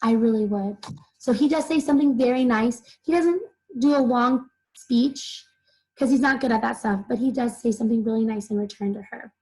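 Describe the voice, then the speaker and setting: A woman's voice: on the high side, steady tone, a little fast, darkish tone, husky, low-quality recording. A young woman teacher explaining a children's novel chapter to her students in simple terms, full of "like" fillers. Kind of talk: recorded reading lesson for children.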